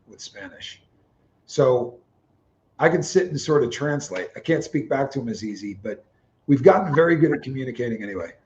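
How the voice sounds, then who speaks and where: A man's voice: mid-range voice, darkish tone, roomy sound, slight background noise. A man co-hosting a casual livestream chat in an easygoing, wry way. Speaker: co-host. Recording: dull lo-fi mic.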